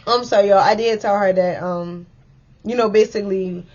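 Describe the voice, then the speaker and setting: A young woman casually telling a story to her viewers, animated and full of "like" and "y'all". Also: medium pitch, moderate pace, dull audio, slight background noise. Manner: chatty, animated, addresses viewers as y'all with many likes.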